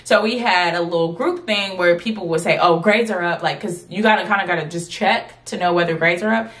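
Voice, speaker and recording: A woman in her late twenties telling a storytime vlog to her viewers, in a lively, chatty way that keeps calling out to them. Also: lowish voice, brisk. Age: 20s. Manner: animated, chatty, addresses viewers as y'all. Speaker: vlogger.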